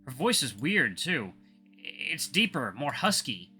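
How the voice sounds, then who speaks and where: A man narrates a visual novel aloud and keeps tripping over words before correcting himself. His voice is bright and sharp, and the pitch swings widely. Soft guitar music plays quietly in the background. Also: measured pace, husky. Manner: lively, with frequent self-corrections.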